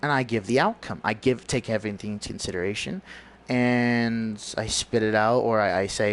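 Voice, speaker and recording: A man's voice: mid-range voice, normal speed. A man giving a rambling, preachy monologue on his livestream, often searching for words. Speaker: livestream host.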